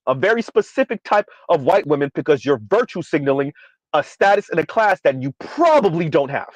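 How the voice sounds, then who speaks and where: A man's voice: on the high side, sing-song, fairly quick, dry recording, rough recording. A man ranting in a sardonic, exasperated commentary vlog, hammering his points by repeating them. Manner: sardonic, exasperated, repetitive emphasis. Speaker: commentary vlogger.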